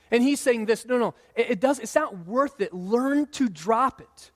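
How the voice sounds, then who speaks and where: A man in his thirties preaching a sermon in a relaxed, conversational way, sometimes acting out what people say. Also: very high voice, fairly quick. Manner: conversational preaching, acts out quoted voices. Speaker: pastor. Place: church sanctuary. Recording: long hall reverb.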